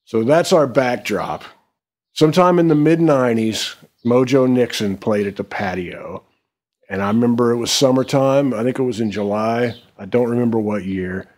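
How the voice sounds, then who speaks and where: A middle-aged man spinning a story from his own life. He talks in a relaxed, easygoing way, with plenty of "you know" and "uh", his pitch sitting mid-range for a man. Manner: relaxed, unhurried, with frequent fillers. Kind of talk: casual spoken storytelling.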